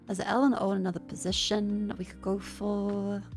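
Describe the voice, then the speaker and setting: A woman streamer, stuffy from a sinus infection, chatting casually on a desk mic in a profane, rambling, excitable way. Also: mid-range voice, brisk, soft background music. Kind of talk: casual gaming stream chat. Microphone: desk microphone.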